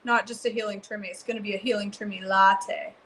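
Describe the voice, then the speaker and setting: A woman's voice: medium pitch, fast, slight background noise, poor audio. Chatty woman hosting a kitchen livestream. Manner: chatty, excitable, talks to viewers by name. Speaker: cooking livestream host. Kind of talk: casual live cooking chat, reading comments. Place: home kitchen.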